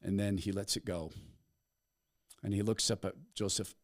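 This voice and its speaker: A man hosting a commentary podcast, retelling a story with a dramatic, storytelling delivery. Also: fairly low pitch. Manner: storytelling, dramatic pauses, animated. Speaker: podcast host. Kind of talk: commentary monologue.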